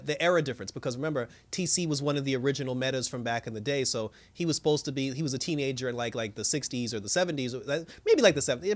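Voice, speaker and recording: A man giving a casual, rambling recap of a TV episode, laughing often and acting out what the characters said. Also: medium pitch. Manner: animated, laughs often, acts out characters' lines; rambling with many restarts and fillers. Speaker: TV show reviewer.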